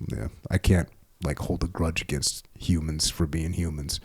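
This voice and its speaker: The speaker, a middle-aged podcast host and former military member, has an extremely low, slightly rough voice with little pitch movement at normal speed. In casual conversation he's reflective, laughs a lot, and restarts his phrasing.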